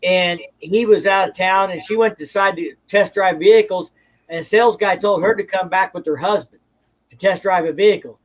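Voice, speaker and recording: A man's voice: high voice, fairly quick, rough recording. A man from the Ozarks, a motorcycle vlogger, chatting casually in a folksy, rambling way. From Ozarks, United States. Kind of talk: casual chat.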